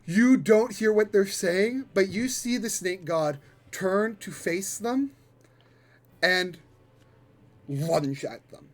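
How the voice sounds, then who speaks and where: High-pitched guy gm-ing a tabletop game, slow unhurried narration, lots of ums. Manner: descriptive, halting with fillers and swears. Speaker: game master.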